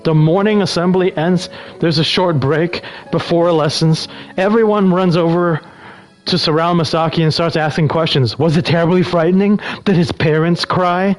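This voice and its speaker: A man's voice: a little high, moderate pace, soft background music, poor audio. A man streaming, reading game text aloud and breaking off to chat casually with viewers. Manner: relaxed, breaks off to answer chat.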